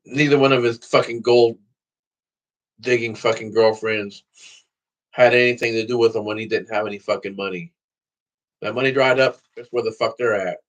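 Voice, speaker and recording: A man's voice: on the low side, steady tone, normal speed, long pauses. A man talking straight to the camera in a casual vlog, rambling and swearing freely. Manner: profane, rambling talk to camera. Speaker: vlogger.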